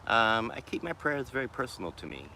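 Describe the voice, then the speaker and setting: A man's voice: mid-range voice, big pitch swings, sharp tone, a little hiss or hum. A man with a faint Boston accent, musing unhurriedly on a casual livestream as he answers viewer comments from a shady park. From Boston, USA. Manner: unhurried, musing, with trailing restarts. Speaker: livestreaming vlogger. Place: wooded city park in the shade, outdoors.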